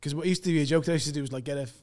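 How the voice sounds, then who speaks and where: A man, a comedian guest, chats casually and tells rambling anecdotes, often breaking into laughter and swearing as he goes. His voice sits a little higher than most men's. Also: very fast, darkish tone. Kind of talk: casual chat.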